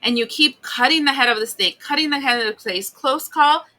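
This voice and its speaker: Woman doing a tarot reading, bright higher voice, blunt, swears, plays out ppl's complaints. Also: fast. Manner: blunt, animated, swears, acts out the listener's complaints. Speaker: tarot reader.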